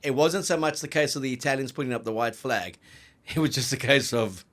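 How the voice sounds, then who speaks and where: A man co-hosting a rugby podcast, bantering in an animated, jokey way and laughing often. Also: mid-range voice, brisk. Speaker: rugby pundit co-host.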